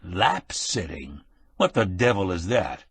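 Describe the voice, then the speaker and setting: A gruff, irritable middle-aged man snaps and grumbles indignantly, voiced by a man reading an audiobook. The voice is husky and recorded close and dry. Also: low-pitched, big pitch swings, takes it slowly, dry recording, full character voice. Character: grumpy middle-aged man forced to play Santa.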